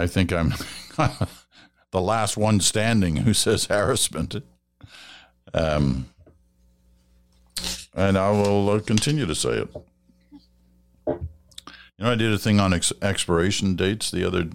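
An older Canadian man with a deep, low-pitched voice hosts a podcast in an easy, conversational way. He reads listener letters aloud, muses over them and chuckles often. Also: unhurried, creaky, long pauses. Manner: relaxed, musing, chuckles often. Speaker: podcast host. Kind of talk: casual chat, reading listener letters.

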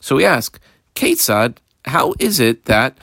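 A man's voice: mid-range voice, wildly swooping pitch, slow, vocal fry, a bit bright, husky, no echo, studio quality. A man teaching a Talmud page step by step. He reads terms aloud, translates them, and calls out punctuation marks. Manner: explains step by step, mixes in Hebrew and Aramaic terms. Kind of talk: daily page Talmud lesson.

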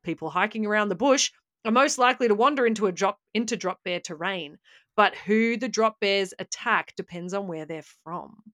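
A woman's voice: medium pitch, normal speed, fairly bright tone, no echo, studio quality. An Australian woman co-hosting a comedy podcast, telling a legend in a mock-serious, tongue-in-cheek way. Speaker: podcast co-host. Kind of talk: comic podcast storytelling.

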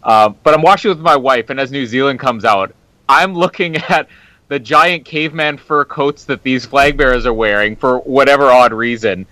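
A man's voice: mid-range voice, normal speed, bright, forceful tone, no echo, low-quality recording. A Canadian man co-hosting a casual podcast, rambling and incredulous. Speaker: podcast co-host.

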